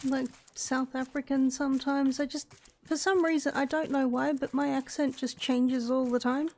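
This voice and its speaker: High, mellow Australian woman gaming. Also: fairly even intonation, normal speed. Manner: chatty, thinks aloud to herself. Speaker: gaming YouTuber. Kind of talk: casual let's-play commentary.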